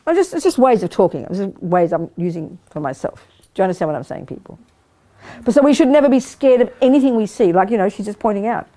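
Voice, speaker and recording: A woman's voice: mid-range voice, lively intonation, quick pace, warm tone. A woman giving a Buddhist teaching talk to a study group, blunt and emphatic, now and then acting out the inner voices she describes. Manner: acts out quoted inner voices.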